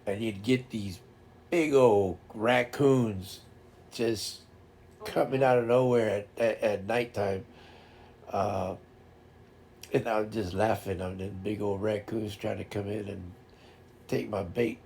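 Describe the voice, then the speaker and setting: A man's voice: fairly low pitch, fairly even intonation, takes it slowly, gravelly, long pauses, a little mellow, slight background noise. A man hosting a casual chat stream, telling rambling fishing stories with lots of restarts and laughter. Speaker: streamer host.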